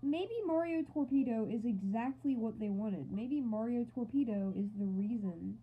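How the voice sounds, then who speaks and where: A woman's voice: on the high side, moderate pace, breathy edge. A woman doing playful, goofy gameplay commentary with mock outrage and silly asides. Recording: thin phone-like audio.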